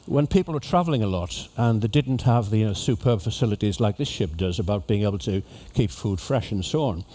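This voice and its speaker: A man's voice: on the low side, lively intonation, brisk, mellow. A man giving a humorous, chatty talk to cruise passengers as an after-dinner speaker. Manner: jokey, chatty storyteller addressing an audience. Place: ship lecture venue.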